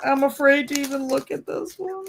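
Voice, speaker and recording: A woman's voice: high voice, normal speed, a little hiss or hum. A woman hosting a casual reading livestream, chatting along and sighing in mock-dramatic dismay. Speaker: livestream host. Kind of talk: casual chat on a reading stream.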